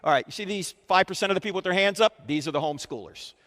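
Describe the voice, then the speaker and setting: A man with a high, lively voice lectures a crowd of students, firing questions at them to keep them engaged. The sound carries a long reverb from the auditorium he speaks in. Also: rapid-fire. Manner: animated, quizzes the audience with questions. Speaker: Christian apologetics speaker. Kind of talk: live lecture to a student audience. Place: university auditorium. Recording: reverberant hall.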